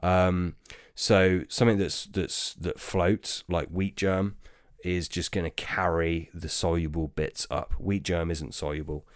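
A man with a very low voice talks through listener questions in a relaxed, rambling way, full of ums and restarts. The sound is dry and close, with almost no room. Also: unhurried, hardly any pauses, no room sound. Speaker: podcast host. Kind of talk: casual chat answering listener questions.

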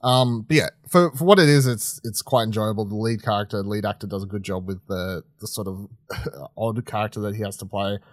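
A male podcast co-host with a lowish voice talks fairly quickly in a casual film-review chat, recorded dry and close. He rambles, restarts sentences, swears freely, and laughs often while telling stories.

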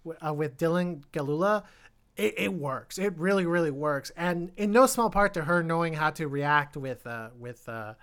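A man talking casually through a film review, often stumbling over his words and restarting. Every so often he jumps into a louder, more animated stretch before settling back down. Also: on the high side, normal speed, smooth. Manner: rambling, many restarts, animated bursts. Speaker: podcast co-host.

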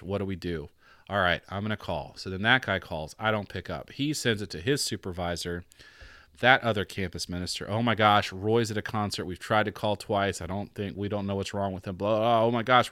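A young man hosting a podcast, telling a personal story in a casual, animated way, acting out the voices of the people he quotes and laughing often. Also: on the low side, dry recording, studio quality. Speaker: podcast host.

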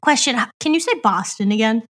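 Bright, high, blunt-talking woman. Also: expressive, fast talker. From Upper Michigan. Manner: blunt, profane, teasing. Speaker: podcast co-host. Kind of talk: casual crude banter.

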